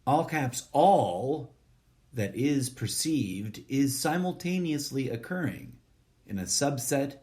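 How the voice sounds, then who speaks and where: Slow, deliberate man reading aloud. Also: mid-range voice, a little mellow. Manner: reads punctuation and formatting aloud, measured and deliberate. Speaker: podcast host reading a short story. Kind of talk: deadpan story reading.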